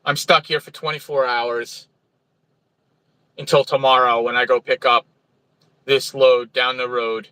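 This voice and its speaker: A man's voice: mid-range voice, level tone, a little slow, long pauses, sharp tone, clean tone, dry recording, low-quality recording. A man from New Jersey with a New Jersey accent, a truck driver chatting casually on a livestream, reading viewer comments and greeting viewers by name from a truck stop.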